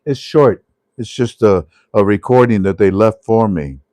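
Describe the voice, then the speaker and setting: A man's voice: on the low side, unhurried, a little mellow, no room sound. A man hosting a casual monologue, emphatic and repetitive, often breaking into laughter. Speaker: host. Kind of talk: casual talk show monologue.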